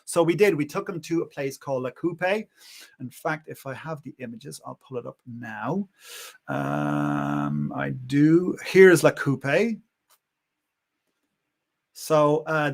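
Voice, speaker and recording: A man hosting a livestream, telling a personal story in a lively, rambling way. He often restarts his sentences. His voice sits a little high for a man. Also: slow pace. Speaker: livestream host.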